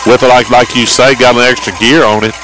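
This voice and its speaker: Brief: folksy male color commentator, chatty and halting, outdoor ballpark. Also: medium pitch, little pitch movement, rough recording. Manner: folksy, rambling, stammering restarts.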